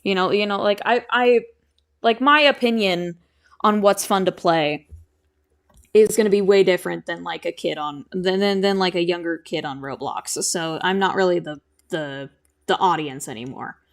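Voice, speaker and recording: The young woman's voice is fairly low and her pace normal as she streams from home. A streamer and animator, she draws and answers chat in a casual, rambling way.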